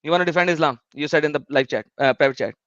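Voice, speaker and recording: High-voiced combative male stream host. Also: racing, fairly bright tone, no room sound, dull audio. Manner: blunt, mocking, combative. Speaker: host of a live debate stream. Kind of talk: live-stream chat and debate.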